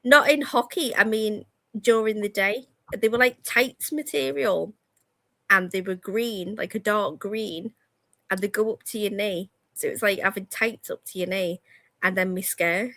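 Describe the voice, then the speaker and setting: A woman's voice: medium pitch, measured pace, pushed and bright, no room sound. A woman, chatting casually as a co-host, telling stories about her kids and laughing often. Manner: casual, uses dialect forms like "me" for "my". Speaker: radio show co-host. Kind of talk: casual chat.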